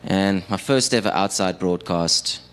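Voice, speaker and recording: Low-voiced young South African man, self-deprecating stand-up, loose and chatty with the room. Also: measured pace, fairly bright tone. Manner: self-deprecating, conversational with the audience. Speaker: stand-up comedian and radio producer. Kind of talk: stand-up comedy set. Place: live stage performance.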